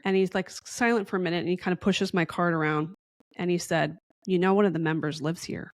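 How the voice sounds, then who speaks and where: A woman's voice: on the low side, fairly even intonation, fast. A woman guest in a casual podcast interview, telling a long story in a chatty, rambling way and acting out the dialogue.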